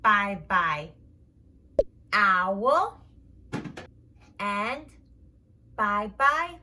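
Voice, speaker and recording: A woman's voice: fairly high pitch, big pitch swings, extremely slow, long pauses, background noise. A woman speech therapist narrating toy play for toddlers, with simple repeated words and an exaggerated sing-song delivery.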